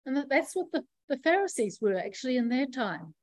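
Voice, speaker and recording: A woman preacher giving a sermon in a measured, reflective teaching manner, pausing often as she explains. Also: high-pitched, sing-song, dry recording, rough recording.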